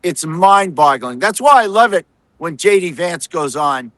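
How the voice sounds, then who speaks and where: A man's voice: a little high, animated, unhurried, a bit bright, dry recording, low-quality recording. An American man, a reporter, talking casually and sarcastically, mocking other people's tones. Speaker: political reporter. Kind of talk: casual political talk.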